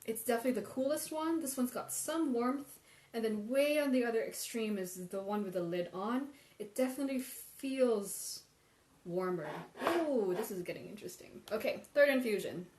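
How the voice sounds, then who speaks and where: Speaking at a normal pace, this woman has a fairly high, darkish-toned voice. She's hosting a live tea tasting, musing over different infusions and replying to viewers, captured in roomy livestream sound with faint ambience.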